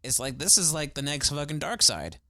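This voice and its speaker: A man's voice: a little high, big pitch swings, fairly quick, pushed and bright, no echo, clean studio sound. A young man co-hosting a podcast in casual chat, enthusiastic, swearing freely and saying "like" a lot. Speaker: podcast co-host.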